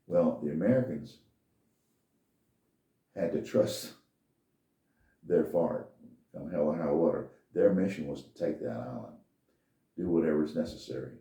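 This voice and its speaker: A man's voice: very deep voice, unhurried, pauses often, warm tone. An older man telling a personal story in a folksy, meandering, plain-spoken way as a podcast host. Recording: echoey room, distant from mic.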